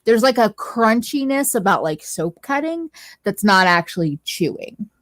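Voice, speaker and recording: A woman chats casually with a close friend. Her speech is halting, full of restarts and "like," with a playful streak. The recording is dry and close, with no room echo. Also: medium pitch, sing-song, fairly bright tone. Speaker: guest friend.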